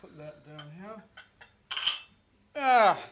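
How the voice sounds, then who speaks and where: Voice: medium pitch, expressive, extremely slow, lo-fi sound, background noise. A performer playing a blustering, absent-minded upper-class husband. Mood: bumbling. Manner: pompous, mumbling, absent-minded.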